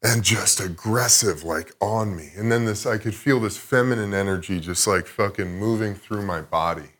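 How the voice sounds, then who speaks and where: A man's voice: lowish voice, normal speed, a bit bright. A man talking as a podcast guest, telling a rambling, profane, reflective story in a casual chat.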